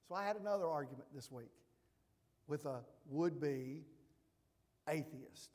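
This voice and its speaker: A man preaches with a fairly high voice, moving between quiet, thoughtful asides and loud, emphatic declarations. His delivery is slow and deliberate. The sound rings with a long reverb, as in a large church sanctuary. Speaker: pastor. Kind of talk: sermon.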